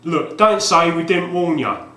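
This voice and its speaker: A man voicing a brash male tough-guy announcer from a game box, loud and threatening, with a drawn-out delivery. The man is recording in a room. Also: fairly high pitch, pitched above the performer's own voice. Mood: taunting. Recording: roomy echo, faint background hum.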